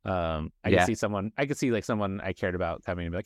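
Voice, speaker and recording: A man's voice: deep voice, animated, quick pace, dry recording, studio quality. A man co-hosting a podcast, chatting casually and rambling, swearing freely. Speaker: podcast co-host. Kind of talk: casual chat.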